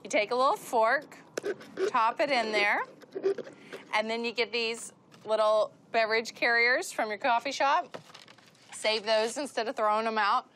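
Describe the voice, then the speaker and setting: Bright, chatty woman doing a cooking demo. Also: fairly high pitch, a little slow, long pauses, a little hiss or hum. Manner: chatty, upbeat explaining. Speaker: cooking show co-host. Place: TV studio kitchen.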